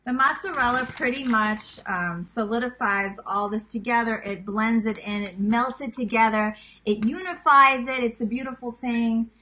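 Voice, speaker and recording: On a rough recording, a Queens cooking vlogger in her thirties speaks at normal speed with hardly any pauses, her high-leaning voice pushed and bright. With a New York accent, she casually chats viewers through a recipe in her home kitchen, teasing herself and calling them "guys."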